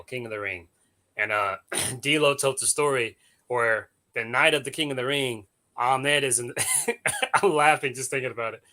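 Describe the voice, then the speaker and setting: Bright-voiced man telling stories. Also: medium pitch. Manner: animated storyteller, laughs often; coarse slang. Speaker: podcast co-host. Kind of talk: casual chat.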